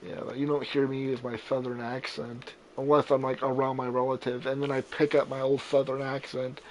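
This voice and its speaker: A man's voice: medium pitch, a little fast, a little hiss or hum, rough recording. Casual chatty gamer guy. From Florida, raised in Arizona. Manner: animated, profane storytelling. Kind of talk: casual chat while playing.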